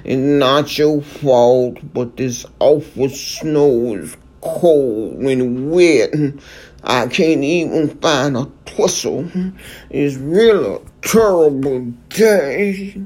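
A storybook reader voicing a gloomy male donkey who complains slowly. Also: mid-range voice, darkish tone. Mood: glum.

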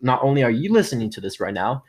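A young man hosts his own motivational podcast, with a slightly husky voice of ordinary pitch. He talks with plenty of energy and keeps changing his tone and loudness as he speaks. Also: fast talker. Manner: energetic, varies tone and loudness often. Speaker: podcast host.

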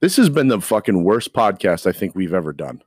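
A man's voice: deep voice, very animated, fairly quick, darkish tone, slightly rough, no room sound, clean studio sound. A man who works as a barber, co-hosting a casual podcast in a barbershop and joking around profanely. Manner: joking, profane, laughs easily.

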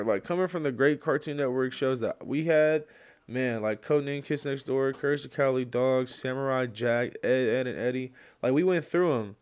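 A young podcast host talks on his own at an ordinary middle pitch, rambling through a story full of slang and fillers. When a topic gets to him he turns loud and worked up, ranting with energy. The whole thing has a casual, off-the-cuff feel. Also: moderate pace, clear, resonant tone. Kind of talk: casual solo podcast chat.

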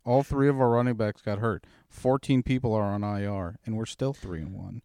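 Low-pitched man, dry close sound, profane and needling, casual back-and-forth banter. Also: normal speed, warm tone, smooth, no echo. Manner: profane, teasing, argumentative. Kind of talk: casual chat.

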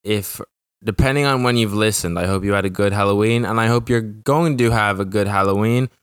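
Rambling young male podcast host, crisp voice. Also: fairly low pitch, a little fast, no echo, clean studio sound. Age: young adult. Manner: rambling, profane, restarts sentences. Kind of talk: casual podcast monologue.

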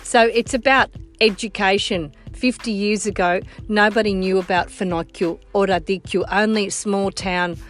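A woman's voice: mid-range voice, fairly even intonation, moderate pace, hardly any pauses, faint music behind. Encouraging Australian woman host. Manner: encouraging, frequent short agreements. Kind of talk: casual chat.

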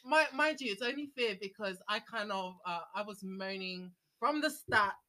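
A woman chatting casually as a podcast guest, self-deprecating and quick to laugh. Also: medium pitch, pushed and bright. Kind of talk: casual chat.

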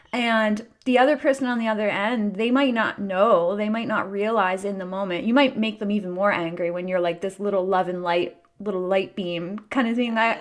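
A woman hosting a podcast, talking in an earnest, encouraging, chatty way. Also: mid-range voice. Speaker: podcast host. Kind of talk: casual chat.

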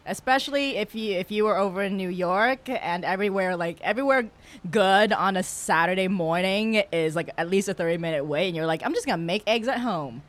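A woman's voice: mid-range voice, fairly quick. A woman guest on a podcast, born in Vietnam and raised in the United States, chatting casually with lots of fillers and playful asides. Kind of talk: casual chat.

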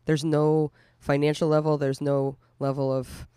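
Smooth, mellow, even-toned man. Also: a little high, unhurried, dry recording, studio quality. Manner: affirming listener, lists ideas in short phrases. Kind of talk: casual faith discussion.

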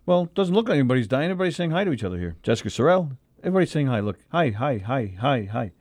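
A man's voice: medium pitch, big pitch swings, very fast, a little mellow, no room sound. A man co-hosting a comedy radio show, telling a rambling story in casual banter with lots of restarts. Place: radio studio.

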